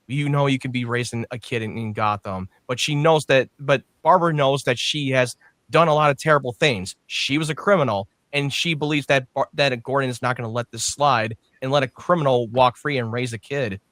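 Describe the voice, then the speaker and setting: A man chatting casually as a podcast co-host, his voice bright and forceful. He recorded close to the mic in a dry, deadened room. He gets animated and slips into quoted voices with a laugh. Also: mid-range voice, fairly quick, no echo. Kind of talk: casual chat.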